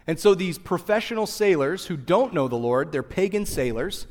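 A man's voice: a little high, expressive, moderate pace. A man preaching as a pastor, retelling the story in a breezy, jokey way and acting out quotes. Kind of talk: casual storytelling sermon. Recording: long hall reverb.

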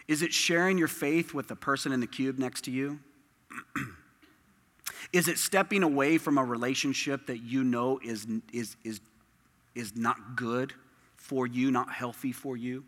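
A man's voice: medium pitch, measured pace, long pauses, a bit bright. A man preaching a sermon as pastor, emphatic and impassioned, with lots of repetition. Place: church sanctuary. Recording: long reverb of a large hall.

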